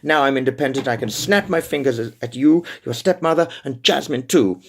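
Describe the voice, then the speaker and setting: A man reading an audiobook voices a defiant young wife who answers her husband in sharp, heated retorts. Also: medium pitch, animated, brisk, a little hiss or hum, pitched above the performer's own voice, close to an everyday voice.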